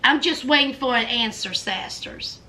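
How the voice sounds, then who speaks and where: A woman's voice: a little high, moderate pace, pushed and bright, a little hiss or hum. A woman hosting her own channel, recapping a reality show in casual commentary, talking straight to her viewers and drawing out her exclamations. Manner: dramatic, exclaiming and drawing out words.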